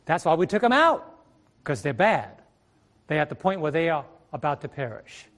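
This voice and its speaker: A middle-aged preacher's slightly high, fairly bright voice has a sing-song quality at normal speed as he delivers a sermon on a church stage into a stage microphone. He speaks emphatically, pulling out key words and throwing rhetorical questions at the congregation.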